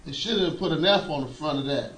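A man preaching a folksy sermon, laughing often and rising to shouts. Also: a little high, quick pace, roomy sound, poor audio.

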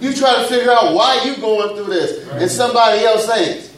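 High-voiced man preaching in an echoey church. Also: normal speed, crowd noise. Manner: call-and-response preaching, folksy and humorous. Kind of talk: sermon. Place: church sanctuary. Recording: echoey church room, mic at a distance.

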